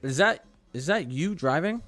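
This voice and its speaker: A young man hosting a live weather stream, chatting casually and excitably, with lots of "like" fillers. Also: on the high side, normal speed, soft background music. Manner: chatty, excitable, heavy use of "like". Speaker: weather livestream host.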